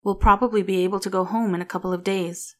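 A woman voicing a soft-spoken, wry young father who speaks gently and tentatively. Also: mid-range voice, steady tone, quick pace, lightly acted. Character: worried young father, man in his thirties, wry.

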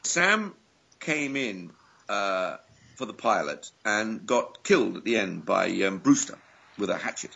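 A man from England chats as a podcast guest, telling stories in a playful, animated way. His low voice has a gravelly, husky edge. The audio is dull and lo-fi. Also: unhurried. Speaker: guest actor. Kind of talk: casual interview chat.

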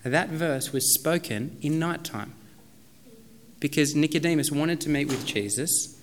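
A man's voice: a little high, measured pace, slight background noise. A man in his thirties preaching a sermon as a pastor, in a casual, conversational way with many fillers.

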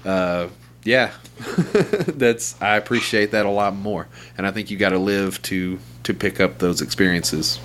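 A man's voice: deep voice, steady tone, unhurried, fairly bright tone, a little hiss or hum. A man hosting a casual podcast, joking loosely and correcting himself mid-sentence. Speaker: podcast host. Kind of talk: casual chat.

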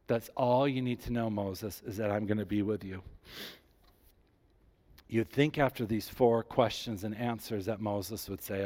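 A man preaching a sermon, rising with emphasis and dropping low and soft when he voices God's words. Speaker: pastor.

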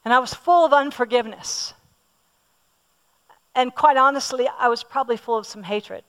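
A woman's voice: sits high, normal speed, a bit bright. A woman preaching a sermon, speaking with emphasis, repeating words and asking her listeners questions. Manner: personal, emphatic, asks the audience questions.

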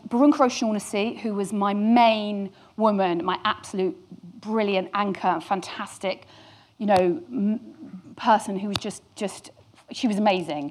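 A woman candidly telling a work anecdote to an audience, with some swearing and self-deprecating humour. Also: medium pitch. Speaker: storyteller guest.

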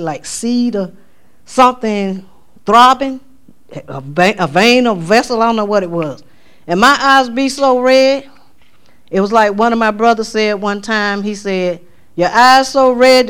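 A woman, telling a testimony in church, her voice climbing high when she quotes herself. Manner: animated storytelling, voice climbing high for quoted exclamations. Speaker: speaker giving a testimony at church. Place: church sanctuary.

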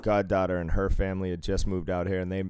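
Deep-voiced Northeastern man telling stories. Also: level tone, quick pace, darkish tone, clean tone, dry recording. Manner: rambling, profane, laughs through stories. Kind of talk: casual storytelling chat.

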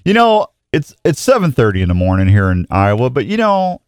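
A man hosts a casual morning radio chat, his voice moving lively up and down as he rambles and restarts his sentences. The studio sound is dry and close, with no room echo at all. He comes across as chatty and easygoing with his listeners. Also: medium pitch, brisk, clean tone. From Saint Louis. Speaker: radio show host.

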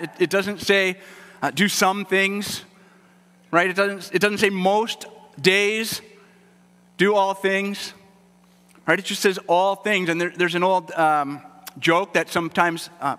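A male pastor delivering a sermon in an earnest, conversational way. His voice is bright and forceful, with a fairly high pitch, and it carries a long reverb as in a large hall. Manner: earnest, conversational preaching with repeated words.

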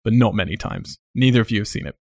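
A man's voice: on the low side, quick pace, darkish tone, husky, dry recording. A man hosting a casual film discussion, chatty and self-deprecating, laughing often as he talks. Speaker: podcast host.

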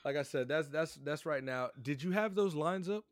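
A man's voice: fairly high pitch, animated, normal speed, no echo, studio quality. A man co-hosting a sports podcast, chatting casually and animatedly, joking and repeating himself. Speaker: podcast co-host.

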